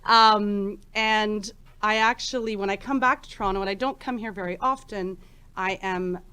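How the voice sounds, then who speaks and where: This conference talk comes from a woman in her forties with a mid-range, clear, resonant voice that sounds pushed and bright, delivered at normal speed with fairly even intonation. She holds a microphone in a conference room and presents her research informally, often saying um and restarting sentences.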